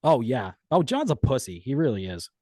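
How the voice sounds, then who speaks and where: A male host with a lively, swooping pitch keeps the conversation moving, chiming in with short reactions and pointed follow-up questions. His voice is close and dry. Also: moderate pace, no echo. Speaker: interview host. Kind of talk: casual interview.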